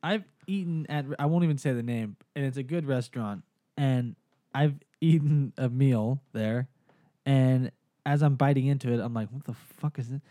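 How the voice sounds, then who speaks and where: Man, casual chat, profane, animated storyteller, mid pitch. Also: moderate pace, no echo, studio quality.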